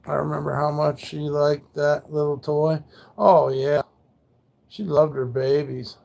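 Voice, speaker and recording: A man's voice: fairly high pitch, fairly even intonation, a little slow, gravelly, mellow. A man livestreaming, rambling and swearing as he talks about his late dog, grieving and sometimes thanking chat. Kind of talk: casual livestream talk.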